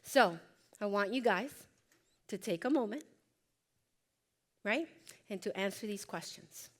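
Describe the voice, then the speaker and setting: A woman's voice: mid-range voice, expressive, unhurried. A woman presenting a workshop, speaking emphatically and directly to her audience as she coaches them. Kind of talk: motivational workshop talk.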